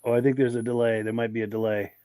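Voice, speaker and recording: A man hosting a live podcast with a gravelly voice and a lingering cough. He talks straight to his viewers in a friendly way. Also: mid-range voice, little pitch movement, quick pace, dark tone, dry recording. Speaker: podcast host.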